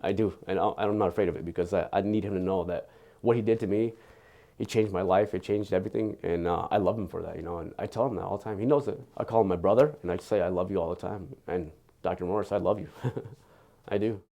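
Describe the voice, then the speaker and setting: A man giving an earnest, candid patient testimonial, halting and often repeating his words. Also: sits low, warm tone.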